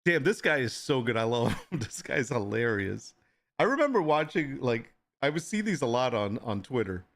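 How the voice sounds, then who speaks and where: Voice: mid-range voice, sing-song, normal speed. A live-stream host in casual chat, reading viewer requests aloud and often laughing while reacting to photos.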